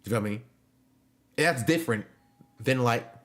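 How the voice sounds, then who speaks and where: A man's voice: mid-range voice, lively intonation, a little slow. A young man chatting casually with his live-stream audience, joking and loose, full of slang and fillers. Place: home.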